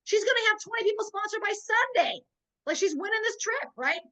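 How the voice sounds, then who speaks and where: A woman's voice: very high-pitched, a little fast, rough recording. A woman teaching a sales team on a video call, telling stories with energy and often checking that her listeners are following. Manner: lively storyteller, keeps checking in with listeners. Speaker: network marketing trainer.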